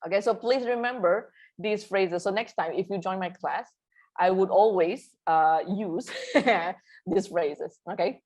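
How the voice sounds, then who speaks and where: A woman teaching a live online language lesson, repeating each phrase slowly for students to echo and mixing languages as she explains. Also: medium pitch, darkish tone. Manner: mixes languages mid-sentence.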